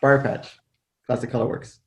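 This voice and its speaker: A man co-hosting a casual cross-stitch chat, making dry jokes and corrections. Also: moderate pace. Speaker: cross-stitch podcast co-host.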